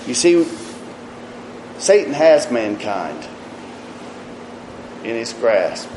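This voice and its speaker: A man preaching a sermon earnestly, rising in emphasis and dropping to quiet, low asides. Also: big pitch swings, roomy sound, a little hiss or hum, rough recording. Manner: slow, earnest preaching with rises and quiet drops.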